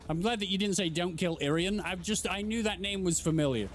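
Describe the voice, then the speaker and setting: A man streaming a game playthrough, talking casually in a joking, excitable way. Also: sits high, fairly quick, music in the background. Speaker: gaming streamer. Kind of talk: casual let's play commentary.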